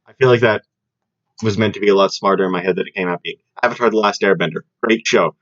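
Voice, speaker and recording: A young man co-hosting a podcast in casual chat, rambling and animated with lots of fillers and restarts. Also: lowish voice, quick pace. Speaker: podcast co-host. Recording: dull lo-fi podcast audio.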